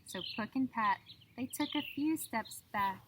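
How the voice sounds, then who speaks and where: Expressive woman telling a children's story. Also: a little high. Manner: expressive, drawn-out storybook delivery. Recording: outdoor noise with birdsong.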